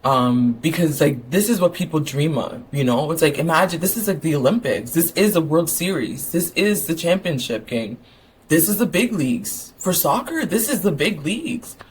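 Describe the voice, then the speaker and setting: A woman talks straight to her viewers in a loose, rambling vlog. She jumps from thought to thought and gets excitable, then drops back into easy chat. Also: deep voice, normal speed, slight background noise. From Ontario, Canada. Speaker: vlogger.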